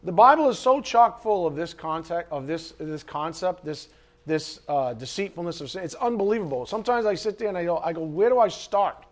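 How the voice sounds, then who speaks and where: A man preaching a sermon, dramatic, swinging from loud emphasis to hushed asides. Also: high voice, expressive, fairly quick. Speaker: pastor.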